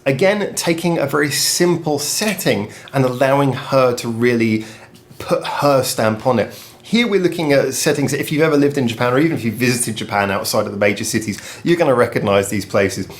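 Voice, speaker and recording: Male music reviewer, casual and enthusiastic, mid-pitched, rephrases mid-sentence. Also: animated, a little fast, a little hiss or hum. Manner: chatty, self-correcting, enthusiastic.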